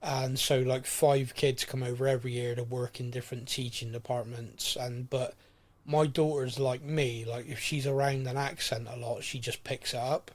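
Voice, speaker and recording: A man's voice: mid-range voice, fairly even intonation, normal speed. A middle-aged man hosting a podcast in casual chat, rambling and laughing easily. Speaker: podcast host.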